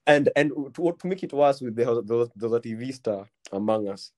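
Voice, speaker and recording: A young man with a Kenyan accent, hosting a casual podcast chat and telling a story, full of "bro" and "man" and quick restarts. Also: medium pitch, expressive. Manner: slangy, repeats "bro" and "man", many restarts. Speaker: podcast host.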